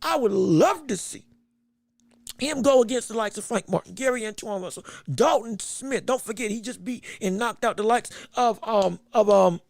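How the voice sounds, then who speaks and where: A man hosting a live boxing podcast, talking casually and getting excitable, repeating words when he gets flustered. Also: sits high, moderate pace, gravelly, no room sound. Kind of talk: casual live-stream commentary.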